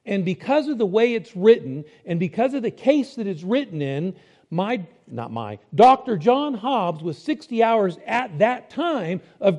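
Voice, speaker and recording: A man's voice: sits high, very animated, normal speed, darkish tone. A man preaching a sermon in a conversational way, explaining step by step and asking his listeners rhetorical questions.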